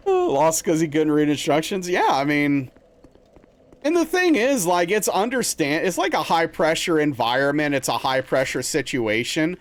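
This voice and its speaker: Brief: young male streamer, slightly high-pitched, loose rambling chatter, peppers his talk with "dude". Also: unhurried. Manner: rambling, animated storytelling with lots of "dude" and "like". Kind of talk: casual chat while playing a game live.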